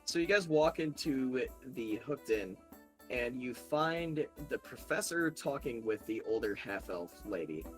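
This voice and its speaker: A man's voice: mid-range voice, expressive, a little slow, faint music behind. A man narrating as game master of a tabletop game, loose and filler-heavy.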